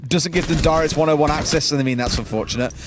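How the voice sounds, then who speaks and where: A man's voice: a little high, quick pace, noisy background. A man giving color commentary on an esports match, chatty and teasing his co-caster.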